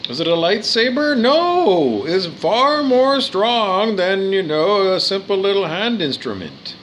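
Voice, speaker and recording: A man's voice: sits high, big pitch swings, slow, a bit bright, slight background noise. A man giving an earnest spiritual monologue, repeating his phrases and stumbling over his words. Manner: earnest, repetitive, with stumbles and restarts.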